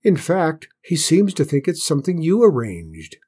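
A man's voice: on the high side, huge pitch swings, mellow, slightly rough, pitched above the performer's own voice, full character voice. Man voicing a gracious royal adviser. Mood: courteous. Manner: gracious, measured. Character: smooth courteous male royal adviser.

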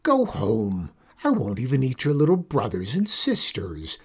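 Man doing an old storybook witch: cranky, growling, drawn-out lines, breathy. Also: mid-range voice, huge pitch swings, a little mellow, exaggerated voice. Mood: moaning. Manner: gruff, growling, drawn-out outbursts. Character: grumpy old witch woman, bellowing and snarling. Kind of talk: storybook character voice.

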